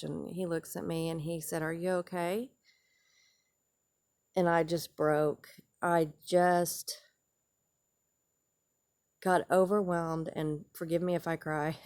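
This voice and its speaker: A woman speaking straight to camera in a raw, earnest vlog, recounting a hard personal ordeal with feeling. Her voice sits a little low for a woman, and she leans on repeated phrases as she goes. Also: darkish tone. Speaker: vlogger.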